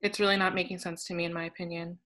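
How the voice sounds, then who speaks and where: A woman's voice: lowish voice, level tone, very fast, fairly bright tone. Exasperated woman complaining. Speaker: player in a fan-made reality game roleplay. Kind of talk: game roleplay argument.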